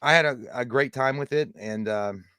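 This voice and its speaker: A man's voice: medium pitch, normal speed, bright, forceful tone, clean tone, no echo, clean studio sound. A man co-hosting a livestream, rambling casually about movies, swearing and laughing often. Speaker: co-host.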